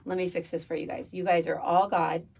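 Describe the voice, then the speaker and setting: Woman speaking as a calm, reassuring Jesus. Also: fairly low pitch, a little fast, gravelly, breathy edge.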